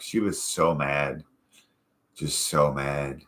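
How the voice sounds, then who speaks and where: A man's voice: very deep voice, measured pace, long pauses, background noise. A man hosting a casual chat show, telling profane, rambling stories from his life. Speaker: podcast host.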